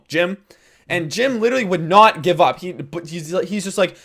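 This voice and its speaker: A man telling a story over gameplay in casual commentary, excitable, swearing freely and acting out the quotes. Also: a little high, moderate pace, long pauses.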